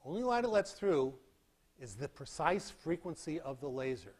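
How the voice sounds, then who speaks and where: A man giving a university physics lecture in a hall, animated and demonstrating with sound effects. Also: on the high side, moderate pace, husky. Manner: animated, acts out beeping sounds and demonstrates with props. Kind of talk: classroom lecture.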